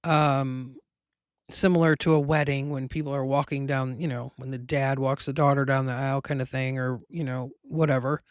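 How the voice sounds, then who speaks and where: A woman's voice: extremely low pitch, flat delivery, moderate pace, no room sound, clean studio sound. A woman hosting her own show, telling a personal story in a rambling, emotional way with many fillers. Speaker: host.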